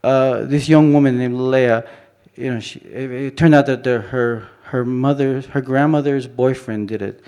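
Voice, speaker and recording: A man presents his photography work at a conference, speaking in a loose, conversational way. He circles back often, restarting sentences and leaning on "you know." His voice sits at an ordinary middle pitch. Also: fairly even intonation, a little slow, hardly any pauses, mellow, clear, resonant tone. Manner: rambling, many restarts and "you know" fillers. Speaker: photographer giving a conference talk. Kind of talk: informal presentation talk. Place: conference hall.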